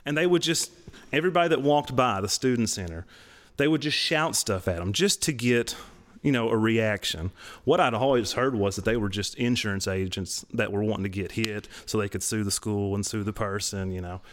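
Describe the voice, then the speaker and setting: Man in his thirties, low-pitched, casual podcast testimony, animated delivery with sudden high jumps. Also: a little fast. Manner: animated, laughs while telling stories, voice jumps way up for emphasis. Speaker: podcast co-host.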